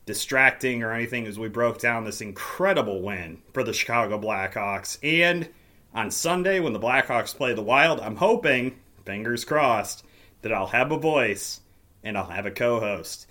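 A man hosting a podcast in casual solo talk, his voice hoarse and raspy as it gives out, with wry self-deprecating humor. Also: mid-range voice, lively intonation, normal speed, bright, forceful tone. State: hoarse, voice giving out. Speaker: podcast host.

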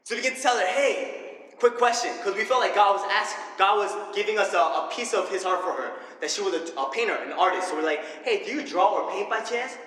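A young man preaching a sermon full of personal stories, energetic and animated, laughing often. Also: sits high, fast. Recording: echoey hall with faint ambience.

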